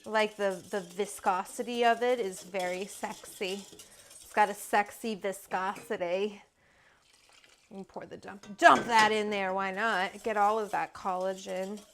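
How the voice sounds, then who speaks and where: A woman's voice: mid-range voice, steady tone, unhurried, a bit bright, a little hiss or hum. A woman from Alberta, Canada, hosting a casual cooking livestream in her home kitchen, chatty and rambling with casual swearing. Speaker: cooking show host.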